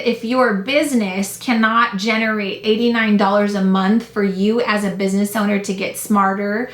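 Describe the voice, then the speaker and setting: A woman at a middle pitch makes a direct, pushy motivational sales pitch for her business course. She talks straight to the viewers with urgency. The room around her voice is noticeably echoey. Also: steady tone, moderate pace, a bit bright. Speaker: business coach and course host.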